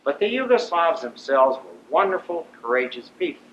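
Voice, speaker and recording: An older man from Ohio spins a war story with a vivid, animated delivery. His voice is fairly high and swings widely in pitch. The recording sounds roomy and dull, with a faint hiss behind it. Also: moderate pace. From Ohio, USA. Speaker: veteran speaker. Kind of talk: storytelling talk.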